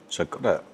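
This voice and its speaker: A travel vlogger films a casual food video outdoors at a street stall. Cheerful and talkative, he laughs a lot and keeps talking as he eats.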